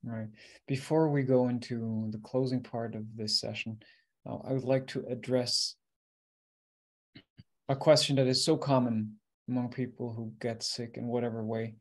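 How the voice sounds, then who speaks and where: A man's voice: medium pitch, little pitch movement, moderate pace. A man hosting an interview, asking questions in a hesitant way, searching for his words. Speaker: interview host. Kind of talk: conversational interview.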